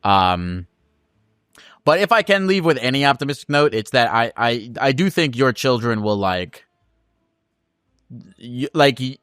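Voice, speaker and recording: A man hosts a call-in advice show and talks loosely, stumbling and restarting while he swears casually. His voice is smooth and clear at a middle pitch. It sounds dry, with no room echo. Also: fairly bright tone.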